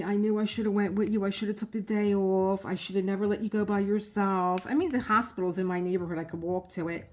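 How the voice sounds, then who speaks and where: Casting: middle-aged woman, casual vlog storytelling, animated, mid pitch. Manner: animated storyteller acting out quotes with laughs. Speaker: vlogger.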